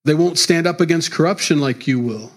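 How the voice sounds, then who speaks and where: Man, pastor, middle-aged, sermon, conversational preaching, slightly higher voice. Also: a little fast. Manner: conversational preaching, chuckling between points.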